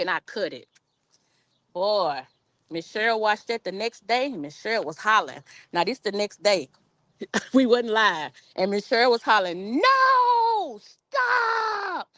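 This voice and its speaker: Chatting away on a gardening live stream from her backyard, a woman reads out viewer comments and talks in an informal "y'all" way, recorded by a phone camera on a tripod. Her mid-range voice is animated and a bit bright, at a moderate pace with no room sound.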